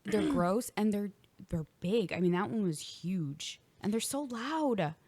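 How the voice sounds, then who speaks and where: A woman co-hosting a podcast, telling stories in an animated casual chat and laughing often, recorded in a home basement studio. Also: medium pitch, measured pace, no room sound. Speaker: podcast co-host.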